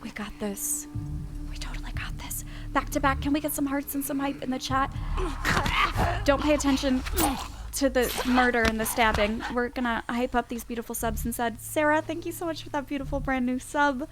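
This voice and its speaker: A woman's voice: high voice, level tone, a little fast, over music. A woman streaming a game, chatting to viewers and coaxing her character along. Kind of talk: live gameplay commentary.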